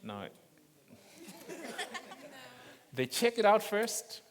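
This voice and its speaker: Lively, high-voiced preacher in a hall. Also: male voice, very slow, heavy background noise. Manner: humorous, chuckling storyteller. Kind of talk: sermon. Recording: long reverb of a large hall.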